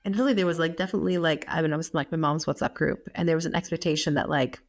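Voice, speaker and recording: A woman's voice: low-pitched, fairly even intonation, very fast. An American woman in her thirties co-hosting a podcast, chatting casually with many fillers and frequent laughs. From United States. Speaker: podcast co-host. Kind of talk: casual chat.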